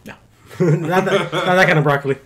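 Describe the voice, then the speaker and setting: A man's voice: high voice, fairly even intonation, brisk, a bit bright. A young man co-hosting a podcast, joking and telling stories in casual chat, sometimes slipping into playful put-on voices. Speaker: podcast co-host.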